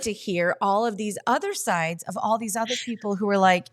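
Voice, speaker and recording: A woman guest on a podcast, telling a personal story in a casual, lively way and acting out the quoted dialogue. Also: mid-range voice, brisk, hardly any pauses.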